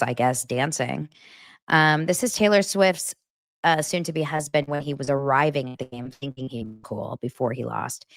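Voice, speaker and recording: A woman's voice: deep voice, a bit bright, no echo, clean studio sound. A woman hosting a casual celebrity gossip chat, talking in a playful, rambling way that keeps interrupting itself. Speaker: host.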